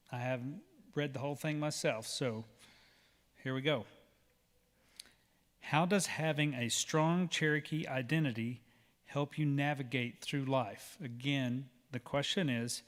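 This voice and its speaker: A man's voice: mid-range voice, fairly bright tone. A man with an Oklahoma accent hosting a pageant on stage, chatty and joking with the crowd. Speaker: pageant emcee. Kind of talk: live event hosting. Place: large auditorium. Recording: long hall reverb.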